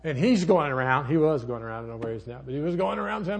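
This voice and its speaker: An older man preaching a sermon as a pastor, folksy and rambling, with sudden loud outbursts in his storytelling. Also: a little high, lively intonation, fast, gravelly, few pauses.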